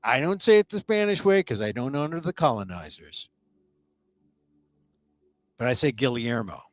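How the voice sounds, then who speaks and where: A man's voice: mid-range voice, sing-song, normal speed, no room sound. A man hosting a live-streamed talk show in a casual, rambling monologue, full of joking asides.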